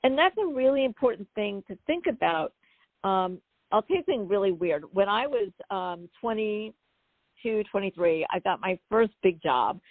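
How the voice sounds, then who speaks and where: A woman guest on an interview show, telling a personal story in a chatty, animated way with many asides. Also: mid-range voice, normal speed, no room sound. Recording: phone-like dry call audio.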